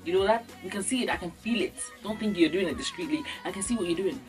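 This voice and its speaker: A young woman from Ghana talks straight to her camera in a casual comedy vlog. She acts out little scenes, and her voice leaps up when she mimics people. Faint music plays quietly behind her. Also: mid-range voice, fast. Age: young adult. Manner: animated, acts out little scenes with sudden jumps in voice. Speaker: beauty vlogger. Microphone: camera mic.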